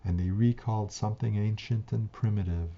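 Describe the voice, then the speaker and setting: Male narrator, deep and dark-toned, slow measured reading of a classic tale. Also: steady tone. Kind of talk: storybook reading. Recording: dull lo-fi recording.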